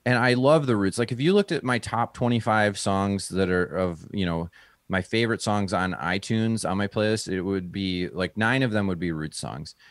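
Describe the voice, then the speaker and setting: Man, comedian guest, casual storytelling, lowish pitch, dry close sound. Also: normal speed, no room sound. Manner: animated storyteller, acts out quotes in a higher voice.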